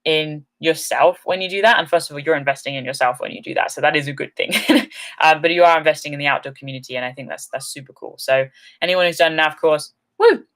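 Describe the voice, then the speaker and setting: A woman's voice: low voice, quick pace. Woman chatting on her live stream, upbeat, lots of ums, bit tired and yawny. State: yawning, a little tired. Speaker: outdoor channel host. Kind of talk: live-stream chat answering comments.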